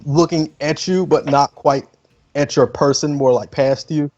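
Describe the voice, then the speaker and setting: A man's voice: on the high side, fairly even intonation, measured pace, darkish tone. Man narrating a tabletop game. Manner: loose, filler-heavy narration. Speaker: game master. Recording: muffled lo-fi stream with faint music.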